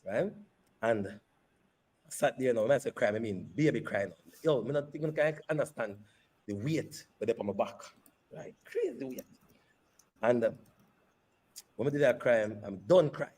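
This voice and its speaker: A man, a company CEO, telling a personal story in an interview with animated, repeated phrases. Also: mid-range voice, normal speed, long pauses, slightly rough. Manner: animated retelling that repeats phrases and slips into patois.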